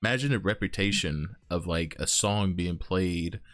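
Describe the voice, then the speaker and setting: A man's voice: sits low, moderate pace, a bit bright. A man hosting a casual interview stream, rambling with lots of filler words and frequent laughs. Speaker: interview show host. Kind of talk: casual chat.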